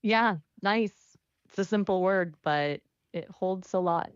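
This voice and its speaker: A synthetic woman's voice of an AI chat companion, replying in a polite, measured, slightly formal way. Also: medium pitch, clear, resonant tone, dry recording. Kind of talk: conversational AI reply. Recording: dull, lo-fi sound.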